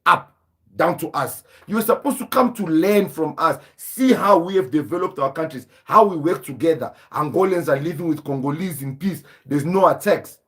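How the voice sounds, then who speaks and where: A man's voice: on the high side, animated, moderate pace, fairly bright tone, breathy edge. A man hosting a live stream, lecturing in a combative, repetitive rant. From southern Africa. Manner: combative, lecturing, repeats himself for emphasis.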